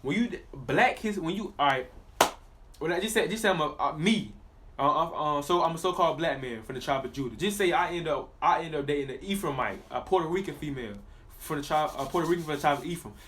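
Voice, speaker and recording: A man's voice: a little high, fast, fairly bright tone, slight background noise. A man giving a preachy monologue to the viewer, reading scripture aloud and stressing his points through repetition. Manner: emphatic, repetitive, addresses the viewer directly. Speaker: religious commentator.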